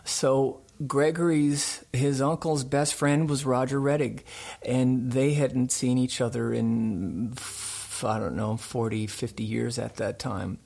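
Gravelly American storyteller man. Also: mid-range voice, slow pace. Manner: animated storyteller. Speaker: show host. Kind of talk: radio interview storytelling.

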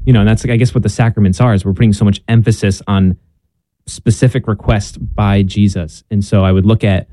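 Earnest young man with low mellow voice. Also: flat delivery, fast talker, dry recording. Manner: earnest, self-deprecating, with frequent ums and restarts. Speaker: guest. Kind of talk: casual conversation about faith.

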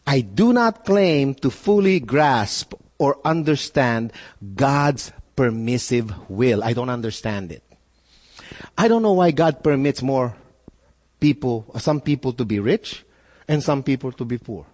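A man's voice: medium pitch, expressive, measured pace, a little mellow. A man preaching a sermon as pastor, earnest and full of rhetorical questions, often repeating words as he builds a point. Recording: long reverb in a hall.

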